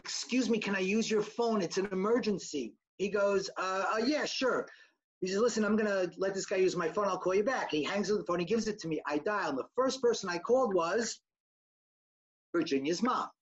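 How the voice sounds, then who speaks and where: A man's voice: high-pitched, animated, fairly quick, breathy edge, dull audio. A man telling a personal story to an audience, acting out the dialogue of the people in it. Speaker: speaker giving a testimony talk.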